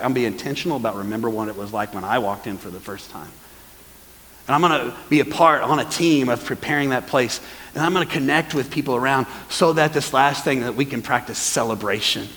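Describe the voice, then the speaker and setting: A man preaching a sermon as pastor, lively and calling on the congregation to answer back. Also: medium pitch, in a large hall, low-quality recording. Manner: lively, calls for congregation responses. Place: church hall.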